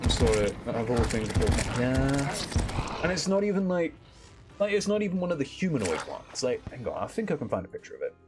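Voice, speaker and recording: A man's voice: medium pitch, sing-song, a little fast, over music. A young British man streaming a game, chatting casually with friends and bursting into laughter.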